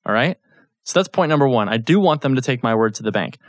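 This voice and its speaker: A man's voice: medium pitch, expressive, fast talker, no room sound, studio quality. A man in his thirties giving a casual Bible teaching, telling a family story and often checking in with his listeners. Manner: conversational, storytelling, frequent check-ins with listeners.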